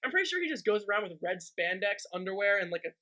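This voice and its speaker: A man's voice: high voice, sing-song, fast talker, sharp tone, poor audio. A young man co-hosting a podcast, chatting casually, joking crudely and explaining things at length. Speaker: podcast co-host. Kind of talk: casual chat.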